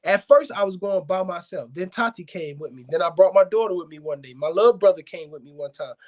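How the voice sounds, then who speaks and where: A man hosting a casual live-stream chat about his dogs, animated and preachy, often calling out to viewers. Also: high voice, brisk. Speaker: dog kennel owner hosting a live talk show.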